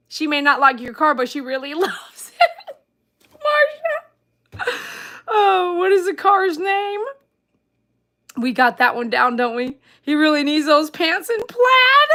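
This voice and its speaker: A woman's voice: high-pitched, sharp tone. A woman hosting a casual live stream, reading viewer comments aloud and laughing often. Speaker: livestream host reading chat.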